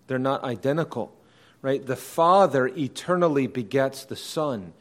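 A man preaching an evening sermon, explaining doctrine in a measured, emphatic way and often rephrasing his points. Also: medium pitch, expressive.

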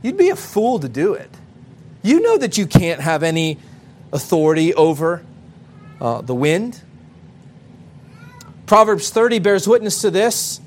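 High-voiced male pastor preaching. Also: very animated, slight background noise. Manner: preaching to a congregation, addressing children directly, emphatic pauses. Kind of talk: sermon.

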